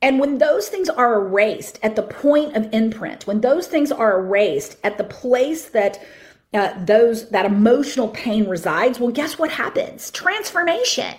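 A woman hosting a faith podcast, teaching in an animated monologue and often repeating words as she thinks. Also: on the high side, measured pace. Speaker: podcast host and ministry teacher.

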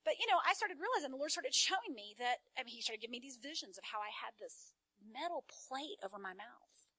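A woman preaching to her congregation, telling her own story with lively emphasis. Her voice is bright and set fairly high. The sound is close and dry. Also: fairly quick, dry recording. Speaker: church speaker. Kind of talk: sermon-style testimony.

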